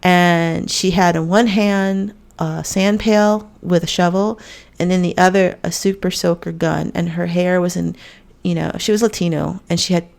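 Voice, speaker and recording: A woman's voice: lowish voice, fairly even intonation, normal speed, vocal fry, a little mellow. A woman hosting a podcast, telling a story in a blunt, profane, conversational way. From United States. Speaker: podcast host. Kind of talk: casual monologue.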